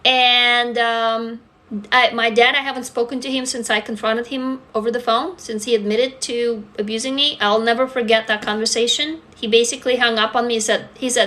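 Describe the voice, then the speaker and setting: A woman's voice: a little high, steady tone, fairly quick, sharp tone. A woman in her forties from Russia, talking candidly and emotionally to viewers on a phone livestream. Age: 40s. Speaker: livestream host. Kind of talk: casual livestream talk to viewers.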